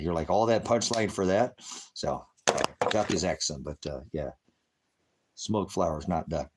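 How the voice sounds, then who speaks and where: A man with a fairly low voice talks to his livestream audience. He wanders from joke to joke and swears freely. At times he turns preachy and urges listeners to get moving. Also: slightly rough. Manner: rambling, joking, swearing, preachy urging. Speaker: livestream host. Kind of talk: rambling livestream chat. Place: high desert home.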